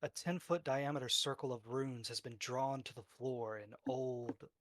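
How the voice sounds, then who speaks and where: A man's voice: medium pitch, fairly even intonation, moderate pace, no echo, clean studio sound. A man narrating a tabletop game as game master, describing scenes loosely with fillers.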